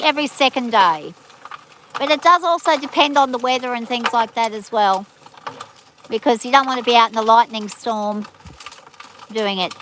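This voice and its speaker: Woman, rural Australian accent, high voice, blunt folksy talk, outdoors by a creek. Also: noisy background. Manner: plain-spoken, blunt and folksy. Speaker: prospecting livestream co-host. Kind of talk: casual explanatory chat.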